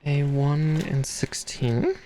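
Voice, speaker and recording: A man's voice: fairly high pitch, fairly even intonation, slow, warm tone, faint music behind. A man chatting casually on a live stream as he builds a model kit. He laughs often and reads part numbers aloud between stories.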